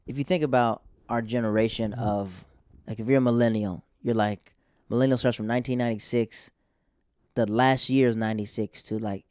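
A stand-up comedian talks in a loose, rambling way, cutting himself off and restarting his thoughts. His pitch sits in the middle of the male range. The sound is dry and close, with no room around it. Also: a little mellow, smooth, no echo. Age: 20s to 30s. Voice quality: rambling, self-interrupting. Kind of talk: casual chat.

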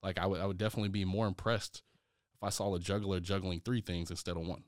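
A man's voice: low-pitched, fast, dry recording, clean studio sound. A young adult man, a startup founder as a podcast guest, telling stories in casual conversation, acting out quotes and filling his talk with "like". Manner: animated, acts out quoted speech, many fillers.

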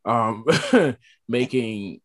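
A man's voice: mid-range voice, extremely slow. A man in casual chat, laid-back, posing a hypothetical question to the women.

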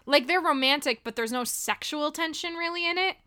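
A woman's voice: high voice, fairly quick, pushed and bright. A young woman co-hosting a casual chat about a film, chatty and giggly with lots of filler words. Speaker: podcast co-host.

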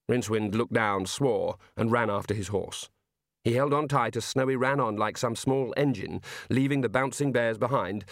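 A man reading a novel aloud as an audiobook narrator, in measured storytelling. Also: medium pitch, dry recording, clean studio sound. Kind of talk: scripted narration.

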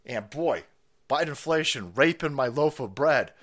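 A man hosting a stream, ranting in a foul-mouthed, mocking way, often laughing and jumping up in pitch when excited. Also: moderate pace. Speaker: streamer and host. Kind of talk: profane ranting commentary stream.

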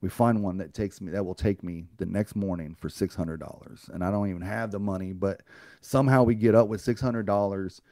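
A man's voice: sits low, fairly even intonation, a little fast, dark tone, no room sound, clean studio sound. A man guest on a podcast, telling a personal story in a blunt, profane way and acting out what others said to him. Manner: blunt and profane, acts out others' lines in a raised voice.

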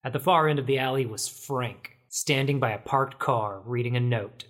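An actor playing a wisecracking hard-boiled male detective, narrating in a wry, deadpan noir comedy style. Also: mid-range voice, normal speed, natural voice.

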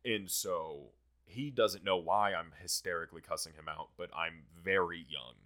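A young man with a low, deep voice and a bright, forceful edge tells a story on a podcast. He talks casually and swears freely. His delivery is animated and keeps the story moving. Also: moderate pace. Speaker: podcast host.

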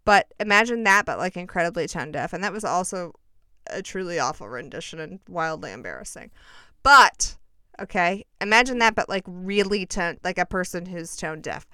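A woman's voice: on the low side, expressive, moderate pace, sharp tone, clean tone, dry recording, studio quality. A woman telling a personal story in a casual, chatty way, full of self-mocking and dramatic asides.

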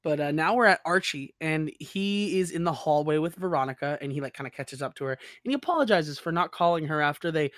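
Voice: mid-range voice, expressive, a little fast, few pauses, fairly bright tone, dry recording. Chatty podcast host, dry close sound. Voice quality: chatty, laughs often, puts on voices when quoting characters. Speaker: podcast host recapping episodes. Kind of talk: casual podcast recap.

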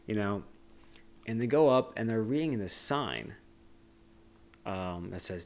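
A man's voice: fairly low pitch, animated, takes it slowly, long pauses, darkish tone. A young man co-hosting a podcast, recapping a movie in a rambling, joking way with frequent laughs. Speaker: podcast co-host. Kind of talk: casual movie discussion.

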